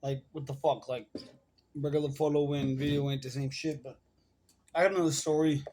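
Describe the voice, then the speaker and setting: A man's voice: on the high side, steady tone, a little fast, noisy background. Profane, rambling man telling a story. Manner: rambling, profane street slang. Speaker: vlogger. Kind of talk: casual storytelling to camera. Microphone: phone camera.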